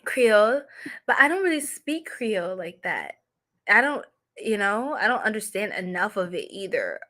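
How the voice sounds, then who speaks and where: A woman's voice: medium pitch, sing-song, moderate pace, pushed and bright. A playful, giggly woman from New York, chatting casually as host of a psychic reading livestream. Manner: playful and giggly, laughs often.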